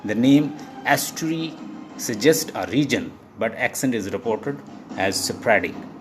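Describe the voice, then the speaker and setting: A man teaching an online lesson, restating each point in several ways and often pausing on "uh" and "you know". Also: mid-range voice, expressive. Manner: explains by repeating points, with many fillers like uh and you know. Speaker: English teacher. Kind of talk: online lecture.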